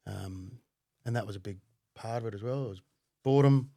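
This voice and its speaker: A middle-aged man, a podcast guest telling his story bluntly, with plenty of swearing and halting fillers. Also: on the low side, creaky, warm tone, no echo, studio quality. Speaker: podcast guest, former undercover cop. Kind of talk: casual conversational storytelling.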